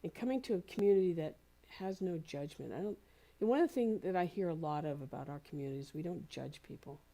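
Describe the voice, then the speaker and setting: A woman minister delivering a sermon in a gentle, encouraging way. Her voice sits a little low and sounds warm and mellow. She repeats phrases slowly for emphasis. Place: spiritual community center.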